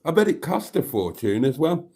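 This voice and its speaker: A man's voice: a little high, big pitch swings, moderate pace, creaky, darkish tone, slightly rough. Chatty man hosting a live stream. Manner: chatty, reads viewer comments aloud and greets them. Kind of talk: casual live stream chat reading comments.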